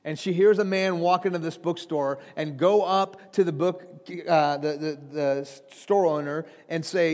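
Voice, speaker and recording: A man's voice: fairly high pitch, unhurried, hardly any pauses, a little mellow. A man from Iran preaching a sermon, earnest and urgent, speaking straight to his listeners as he tells stories. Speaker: preacher and trainer of pastors. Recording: long hall reverb.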